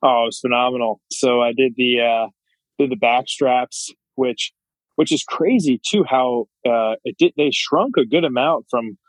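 A man's voice: medium pitch, measured pace, dry recording, low-quality recording. A young man talking as a podcast guest, thoughtful and rambling, with lots of "uh"s and "you know"s. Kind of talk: casual interview chat.

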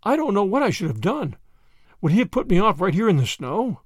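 A man plays a flustered old grandmother in a storybook reading. Her voice sits high and swoops about as she chatters and frets. She is gossipy and easily alarmed. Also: very animated, fairly quick, dry recording, clean studio sound. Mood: grateful. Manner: fussy, breathless, easily flustered.

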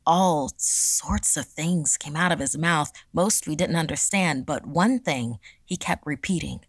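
A woman narrating a first-person horror story in a steady, measured way. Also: low voice, no room sound.

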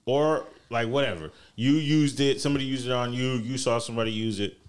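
A man's voice: medium pitch, fairly quick. A man co-hosting a casual podcast, teasing his friends and laughing often. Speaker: podcast co-host. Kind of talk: casual group banter.

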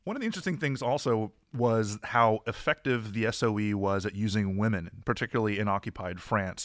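A man with a fairly low voice poses measured, prepared interview questions. His sound is close and dry, with no room around it. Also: a bit bright, no room sound. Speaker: interviewer host.

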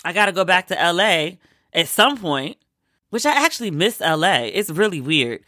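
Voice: mid-range voice, big pitch swings, moderate pace, bright, forceful tone, dry recording, clean studio sound. A vlogger from Maryland, sick with a cold, chatting casually and acting out what people said. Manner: chatty storyteller, acts out quoted lines.

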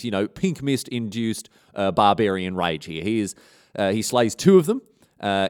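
A man with an Australian accent narrates a history tale in a low, lively voice. He is irreverent and slangy, wandering into rambling comic asides. Pitch swings up and down as he builds the story.

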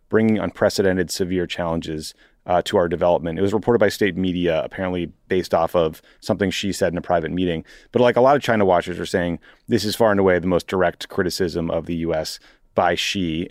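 A man's voice: sits low, no echo, studio quality. A man co-hosting a political podcast, reading out news items and then commenting on them in a casual way. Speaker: podcast co-host.

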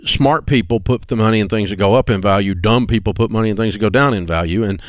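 A middle-aged man, hosting a money talk show and telling a folksy story in a lively voice. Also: on the low side, quick pace. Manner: folksy storyteller who puts on voices for quoted people. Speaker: radio show host.

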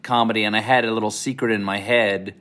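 Brief: southern-raised man, interview guest, low voice, animated storytelling with restarts. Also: fast. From American South. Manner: animated, rambling, with frequent restarts.

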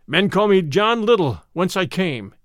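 A big, proud stranger who is quick to anger speaks in stately old-fashioned phrases, as a man reads him aloud. The voice sits fairly high and swings widely in pitch. It sounds close and dry, with no room around it. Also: big pitch swings, dry recording. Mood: gruff. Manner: old-fashioned formal speech.

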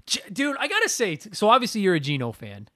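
A young man co-hosting a podcast, ranting in an animated, profane, casual way. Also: high-pitched, fast, no room sound, clean studio sound. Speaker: podcast co-host. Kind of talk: casual chat.

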